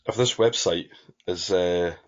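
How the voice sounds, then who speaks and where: A man's voice: sits low, a little slow. A Scottish man co-hosting a football podcast, talking casually in long rambling turns full of fillers. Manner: rambling, many fillers and restarts, chuckling. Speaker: podcast co-host. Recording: dull lo-fi podcast audio.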